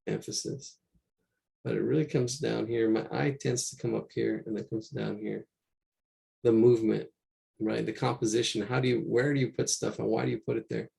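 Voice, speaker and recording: Man, art teacher, gravelly voice, rambling, casual, online class. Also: lowish voice, dark tone. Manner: casual, rambling, repeats himself while working. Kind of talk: live online drawing class. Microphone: computer mic during a screen share.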